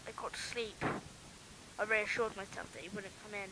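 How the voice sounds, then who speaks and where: A woman's voice: medium pitch, flat delivery, normal speed. A woman reading her own homemade story in plain, earnest first-person narration. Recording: noisy home recording.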